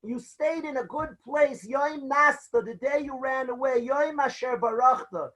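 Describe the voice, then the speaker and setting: A man's voice: extremely high pitch, measured pace, rough recording. A man who is a rabbi, telling a story with animation in a sermon to students. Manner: animated storytelling, rising to emotional peaks.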